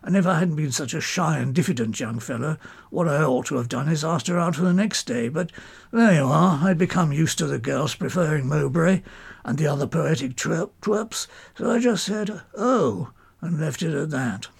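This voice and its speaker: Gravelly storyteller, man. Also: fairly high pitch, animated, moderate pace. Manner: clipped, old-fashioned, genial banter. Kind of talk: first-person character storytelling.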